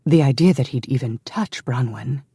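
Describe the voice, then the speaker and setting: A man with a husky, mid-range voice narrates a historical romance audiobook from a script, measured and even throughout. It's recorded at studio quality without room sound.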